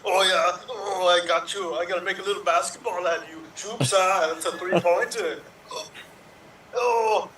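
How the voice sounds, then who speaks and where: A man's voice: high-pitched, moderate pace, sharp tone, a little hiss or hum. A man performing an improvised comedy scene, switching between characters playfully. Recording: roomy, distant stage mic.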